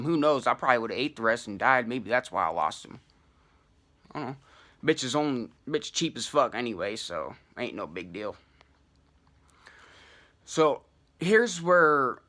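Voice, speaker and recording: A young man telling a wild personal story in casual, profane slang, full of fillers and animated asides. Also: medium pitch.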